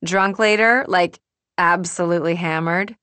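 An upbeat young woman, coaxing and breezy, as a woman narrator reads her lines. Her voice sits only slightly above the reader's own low, unhurried tone. The recording is dry and close. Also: sharp tone, clean tone, no echo. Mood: bright, coaxing. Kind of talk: audiobook reading.

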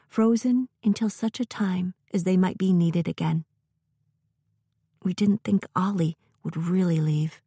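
Mellow, low-voiced woman narrating a story. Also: no room sound, studio quality. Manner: gentle, measured storytelling.

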